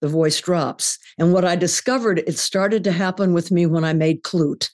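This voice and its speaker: A woman's voice: fairly low pitch, normal speed, darkish tone. An older woman speaking as a podcast guest, reflective and emphatic in her talk. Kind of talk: podcast conversation.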